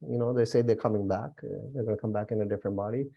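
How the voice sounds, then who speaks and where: A man's voice: fairly low pitch, very fast, gravelly. Young guy teaching a class, chill and chatty, lots of likes and ums, kinda dull lo-fi sound. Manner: relaxed, chatty, many fillers and laughs. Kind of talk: casual spiritual class talk.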